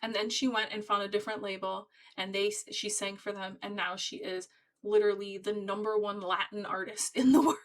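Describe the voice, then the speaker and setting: A woman reads tarot cards for her viewers in a casual, chatty way. Her voice sits at a middle pitch. She leans hard on her points and keeps urging listeners not to give up. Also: fairly even intonation, fairly quick, low-quality recording. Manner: chatty, encouraging, emphatic. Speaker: tarot reader. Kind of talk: casual tarot reading to camera.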